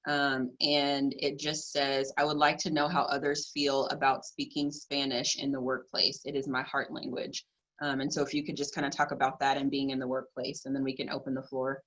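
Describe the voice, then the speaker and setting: A woman's voice: a bass voice, little pitch movement, normal speed, a bit bright, dull audio. A woman moderating a panel over a video call, informal and easygoing as she passes a question from the chat to a panelist. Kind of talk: panel discussion.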